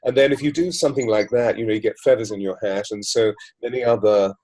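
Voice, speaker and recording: A man, a voice coach and mystic guest, talking in a measured, flowing way in an interview, building long lists and repetitions. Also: fairly low pitch, darkish tone, low-quality recording. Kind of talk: reflective interview talk.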